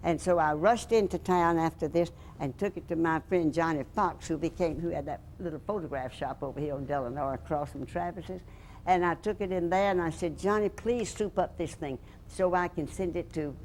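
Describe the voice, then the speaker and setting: An older woman reminisces in a low, deep voice, spinning a lively anecdote and acting out the people in it. She talks in a chatty interview manner with a faint hiss of noise behind her. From Alabama, USA. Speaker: interviewee, former radio host and reporter. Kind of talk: storytelling reminiscence.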